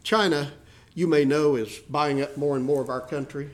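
Male pastor, sermon, animated, voices quoted people, fairly high pitch. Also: normal speed. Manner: animated preaching, voicing quoted people with rises in pitch and volume.

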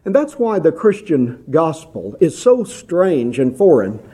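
A man preaching an evening sermon in an earnest, measured way, asking his listeners questions. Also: fairly high pitch, sing-song, warm tone, husky.

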